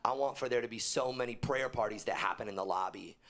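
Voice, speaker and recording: A young man preaching a sermon to his church, animated, often jumping high and loud for emphasis and dropping low and quiet when he quotes. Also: quick pace. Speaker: pastor. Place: church auditorium.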